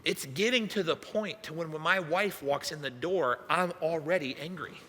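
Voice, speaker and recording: A young adult man, a youth pastor, preaching a sermon as an animated, self-mocking storyteller. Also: a little high, normal speed, in a large hall, a little hiss or hum. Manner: animated, self-mocking storyteller acting out his own past lines. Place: church hall.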